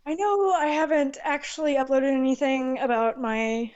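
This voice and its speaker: A woman's voice: sits high, fairly even intonation, normal speed, darkish tone, muffled recording. A young woman in her teens, co-hosting a podcast in a casual, rambling way and often correcting herself. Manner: rambling, self-correcting, loses track. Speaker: podcast co-host, machinima maker.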